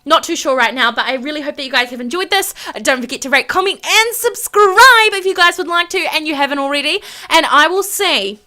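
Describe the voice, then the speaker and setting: Bright, gushing young woman gamer. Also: high voice, fairly quick, few pauses. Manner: gushing, excitable, chatty to viewers. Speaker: gaming YouTuber. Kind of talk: casual let's-play commentary.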